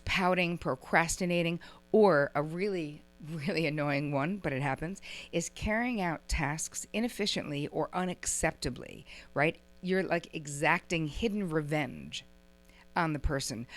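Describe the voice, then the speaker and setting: Low-voiced middle-aged woman running a relationship workshop, chatty, keeps acting out little back-and-forths. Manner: lively, acts out little quoted exchanges; chatty, uses "like" and "right?" often. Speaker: relationship teacher. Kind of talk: workshop lecture to a live audience.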